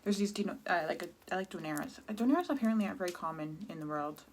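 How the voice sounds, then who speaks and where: Sad, halting Canadian woman in her thirties. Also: on the low side. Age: 30s. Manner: candid, halting, many restarts and fillers. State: sad, near tears. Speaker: vlogger. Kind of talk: personal confessional vlog.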